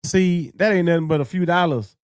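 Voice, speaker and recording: A man's voice: a little high, brisk, dry recording, clean studio sound. A man hosting a reaction video, mocking the clip he watches and calling out its lies. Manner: mocking, scatting along; disbelieving, calls out lies. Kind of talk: reaction commentary.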